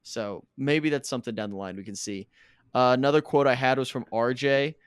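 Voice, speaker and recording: A man's voice: mid-range voice, brisk, smooth, no room sound, clean studio sound. A man in his twenties co-hosting a casual recap podcast, chatty and laughing often. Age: 20s. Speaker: podcast co-host.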